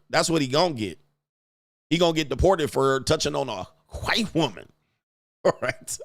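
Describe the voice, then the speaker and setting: A man hosts a live stream in a casual, joking way. He reads out viewer messages and riffs on them, laughing as he goes. His voice sits at an ordinary middle pitch. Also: fairly bright tone. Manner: loose and joking, reads donor messages aloud, laughs often.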